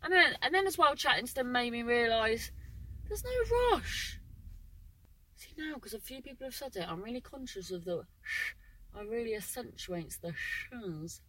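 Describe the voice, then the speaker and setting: A woman's voice: on the high side, expressive, moderate pace, bright, forceful tone, poor audio. A woman comedian from England chatting on her podcast in a rambling, self-interrupting way, recorded in her car. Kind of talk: rambling casual monologue.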